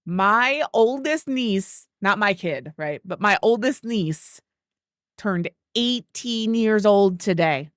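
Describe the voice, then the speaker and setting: A woman streamer talks casually and rambles through stories, greeting chat by name mid-sentence. Her voice sits at an ordinary middle pitch and sounds dry and close, with no room around it. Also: animated, slow, dry recording. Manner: rambling, chatty storytelling. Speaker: game streamer.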